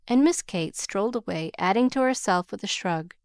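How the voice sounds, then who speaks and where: Female audiobook narrator, smooth, measured reading, dry close mic. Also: medium pitch, lively intonation, no echo. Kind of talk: scripted narration of a classic novel.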